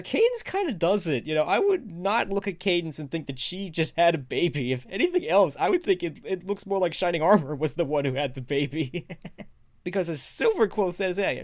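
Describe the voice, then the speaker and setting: Man, fairly high voice, dry close sound; casual rambling reviewer who laughs a lot. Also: dry recording. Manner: rambling, chatty, laughs often; animated, swings into high excited quotes. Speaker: video reviewer.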